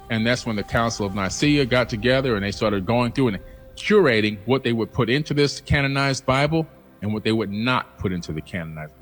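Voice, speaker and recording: A man delivering an emphatic, challenging monologue, acting out quoted voices now and then. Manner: emphatic, acts out quoted voices in a higher pitch. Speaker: host. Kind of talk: passionate monologue.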